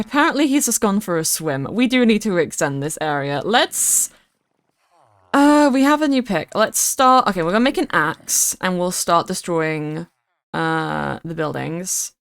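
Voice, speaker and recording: A woman's voice: on the low side, expressive, unhurried, vocal fry, clear, resonant tone, dry recording. A young woman streaming a game, chatting casually and playfully, often repeating words for emphasis. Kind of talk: casual live-stream chat while gaming.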